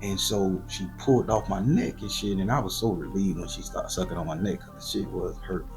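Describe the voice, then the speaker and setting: A low, gravelly male voice, from southern Florida, spinning a raw, profane story with plenty of slang. His delivery is loose and animated, and he pushes his pitch up sharply whenever he voices someone in the story. Faint music plays underneath. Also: brisk. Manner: profane, slangy and animated, voice jumping up for quoted lines. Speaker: storyteller host. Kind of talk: graphic storytelling monologue.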